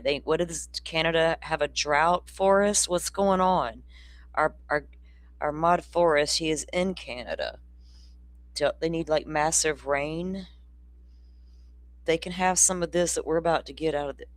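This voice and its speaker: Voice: mid-range voice, no room sound. Rambling livestream host, dry sound. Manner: rambling, chatty, reads out chat comments; loose and informal, with a casual swear. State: hiccups. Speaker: true-crime livestream host. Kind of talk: casual livestream chat.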